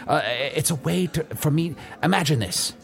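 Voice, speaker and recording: A man's voice: fairly high pitch, animated, moderate pace, vocal fry, a bit bright, soft background music. A man playing a tabletop game in character as a wizard, exasperated and theatrical. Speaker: player.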